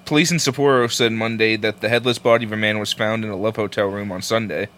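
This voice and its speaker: A man's voice: fairly low pitch, steady tone, fast, fairly bright tone. A man co-hosting a casual podcast, jokey and profane as he tells stories and reads news. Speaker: podcast co-host. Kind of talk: casual chat.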